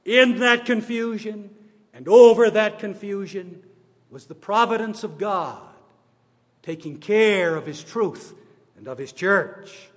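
A man giving a formal address on church history, slow and deliberate, stressing his words one by one. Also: high-pitched. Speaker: church speaker on denominational history. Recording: long reverb of a large hall.

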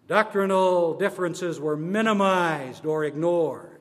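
Slow, emphatic man in a reverberant hall. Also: high-pitched, a bit bright. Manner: slow, deliberate and emphatic, stressing words one by one. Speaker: church speaker on denominational history. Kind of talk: formal church history address. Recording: long reverb of a large hall.

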